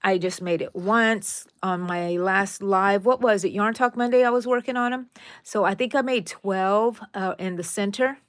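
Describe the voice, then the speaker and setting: A woman's voice: medium pitch, normal speed, clean tone. A woman hosting a casual crochet tutorial, chatting to viewers and counting her stitches aloud.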